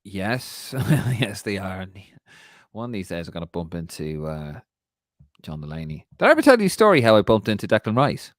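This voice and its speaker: Man, forties, podcast co-host, lowish voice, very animated pitch, swearing, dry close sound. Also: normal speed, no room sound. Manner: swearing, laughing storyteller. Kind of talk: casual podcast chat.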